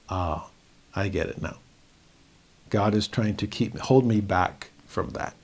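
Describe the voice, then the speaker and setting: Earnest man teaching a scripture lesson. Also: mid-range voice. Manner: earnest, explanatory, voices quoted students with animated lift. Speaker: religion teacher.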